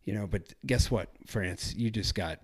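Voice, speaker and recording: A man's voice: on the low side, a little slow, husky. A man hosting a travel podcast, chatting casually in a rambling, self-correcting way. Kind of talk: casual solo podcast talk.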